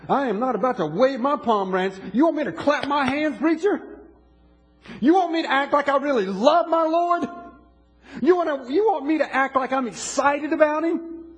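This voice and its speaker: A man's voice: very high voice, moderate pace, faint music behind, voice pushed up. A man voicing a stubborn churchgoer who refuses to show open worship, mocking and indignant in tone.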